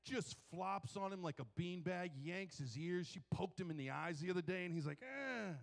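A male pastor preaching a sermon in a church, telling stories in an animated, joking way. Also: high-pitched, normal speed. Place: church sanctuary. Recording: long hall reverb.

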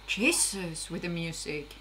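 A young woman reacting to a TV episode in casual commentary, excitable, laughing and swearing often. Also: on the low side, a little slow, noisy background. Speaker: reaction video host.

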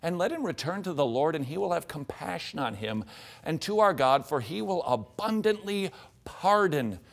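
A man's voice: on the high side, very animated, moderate pace, creaky. A middle-aged man teaching from the Bible on a show, reading scripture aloud and dropping in jokey asides.

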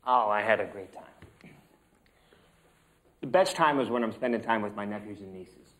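A man's voice: fairly low pitch, normal speed. A man acting student telling a rambling personal story in class, chatty and loose.

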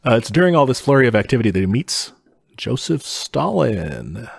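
A man's voice: mid-range voice, big pitch swings, moderate pace, gravelly, slightly rough, dry recording, studio quality. A man co-hosting a casual podcast, telling history in a laid-back way with chuckles and casual swearing. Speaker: podcast co-host explaining history.

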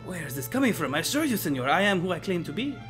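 A man voicing a sly male fox conman who poses as a Spanish prince, speaking in a put-on Spanish accent with smooth, theatrical, evasive talk. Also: high-pitched, big pitch swings, racing, music in the background.

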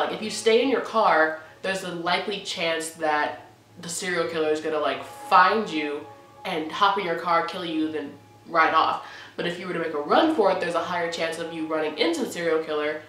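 Chatty woman vlogging in a roomy space. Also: fairly low pitch. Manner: animated, chatty, lots of "like". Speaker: YouTuber reacting to a story app. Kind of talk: casual reaction vlog, reading texts aloud. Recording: roomy sound from a distant mic with faint music.

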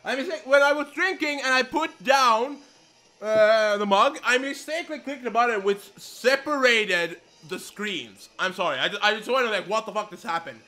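A young man giving casual commentary while playing a video game, excitable and swearing, with many apologies. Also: very high voice, normal speed. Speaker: let's play gamer. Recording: game music behind the voice. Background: faint game music.

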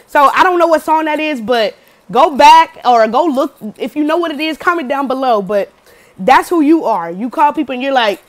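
A woman's voice: high voice, animated, moderate pace. Slangy, cussing young-sounding woman reader. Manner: slangy, cusses freely, laughs often, acts out quotes loudly; says "okay?" often to the viewer. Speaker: tarot card reader. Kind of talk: casual pick-a-card reading to camera.

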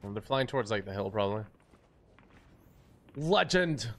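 A man's voice: fairly low pitch, animated, moderate pace, slight background noise. A man casually chatting and joking while streaming a game, sometimes reading out viewer messages. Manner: playful, chatty, reads out chat. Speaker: gaming streamer. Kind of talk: casual gaming chat.

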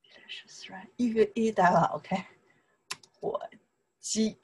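A woman from China speaks with a Chinese accent in a casual online lesson. She talks slowly in chatty broken English and repeats words patiently for learners. Her voice sits at a middle pitch with a slightly husky edge. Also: steady tone, mellow, low-quality recording. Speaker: Chinese teacher.

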